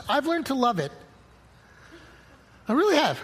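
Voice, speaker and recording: A man's voice: high voice, very animated, a little fast, pauses often, a bit bright, husky. A middle-aged man preaching a conversational sermon, quoting scripture and acting out little dialogues. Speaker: pastor.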